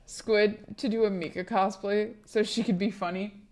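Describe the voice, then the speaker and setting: A young woman streamer, hoarse from being sick, chatting casually and profanely while reading out her chat. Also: mid-range voice, steady tone, normal speed, darkish tone.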